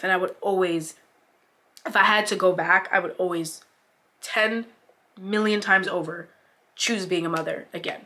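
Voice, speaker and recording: A woman's voice: lowish voice, sharp tone. A young woman vlogger in a casual sit-down chat, heartfelt and encouraging, full of "like" fillers and close to tears. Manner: chatty, heartfelt, many "like" fillers; encouraging, speaks to other mothers as "mama".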